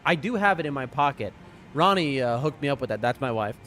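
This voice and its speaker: A man's voice: medium pitch, animated, fairly quick, a bit bright, a little hiss or hum. A young man streaming a video game, joking casually and talking to his chat. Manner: joking, chatty, addresses chat. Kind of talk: casual live-stream commentary.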